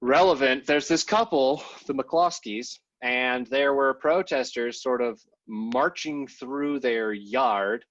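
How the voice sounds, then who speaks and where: Slow but with few pauses, a man with a medium-pitched, slightly bright voice co-hosts a political podcast in a casual, meandering way. He hedges a lot and relies on fillers. The recording is dry and has a dull, lo-fi tone.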